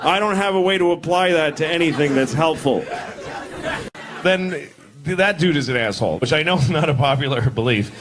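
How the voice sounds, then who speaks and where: A man in his forties doing a stand-up routine, deadpan and self-deprecating, acting out other voices. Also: fairly high pitch, brisk, crowd noise, background noise. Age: 40s. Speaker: stand-up comedian. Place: stage before a laughing audience.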